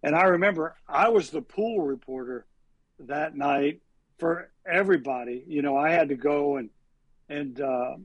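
A sports reporter co-hosting a casual talk show tells rambling anecdotes stuffed with statistics and frequent fillers. His voice sits on the high side and he speaks unhurriedly, on a dry, dull-sounding recording.

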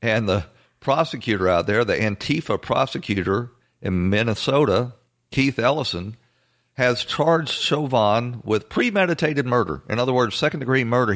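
A man hosting a political commentary show, talking bluntly and assertively in a halting way with frequent fillers and restarts. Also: medium pitch, a bit bright. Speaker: host.

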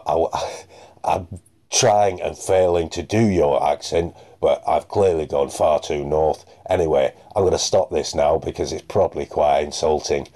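A man's voice: low-pitched, dark tone. A man hosting a podcast, chatting casually and a bit self-deprecatingly about listener messages. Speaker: podcast host.

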